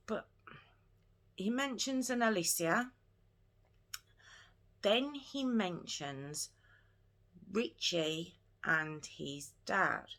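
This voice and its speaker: A woman's voice: lowish voice, gravelly, sharp tone. A woman recounting a true crime case in an earnest, casual retelling. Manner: earnest, retelling events in her own words.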